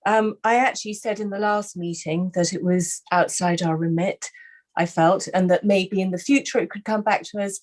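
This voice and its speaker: A woman's voice: medium pitch, fairly even intonation, moderate pace, darkish tone. A woman speaking as a councillor in a formal committee debate over a video call, tentative and hesitant.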